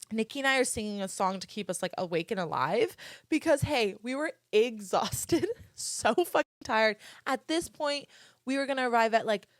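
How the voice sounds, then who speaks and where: A woman's voice: on the high side, no room sound, clean studio sound. A young woman hosting a podcast, telling a story in casual chat, drawling and stretching her words so they sound a bit slurred, swearing freely and talking to listeners. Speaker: podcast host.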